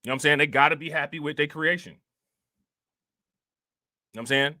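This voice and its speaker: A man's voice: a little high, steady tone, quick pace, bright, forceful tone, no room sound, clean studio sound. A man hosting a casual livestream, talking loosely in slang and saying "you know what I'm saying" over and over. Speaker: livestream host.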